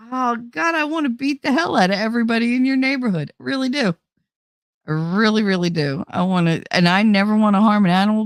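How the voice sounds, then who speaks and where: This outspoken livestream host reads chat and talks directly to viewers in casual, blunt conversation, swearing freely. She has a gravelly mid-range voice, captured in a dry, clean studio recording.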